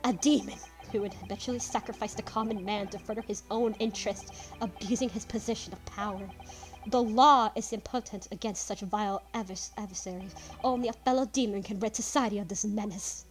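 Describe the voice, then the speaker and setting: A woman reading aloud as a male nobleman confessing in his last will, slow and halting over the words. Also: medium pitch, faint music behind, close to an everyday voice. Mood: grave. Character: male gentleman writing a murderer's confession. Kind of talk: reading game dialogue aloud.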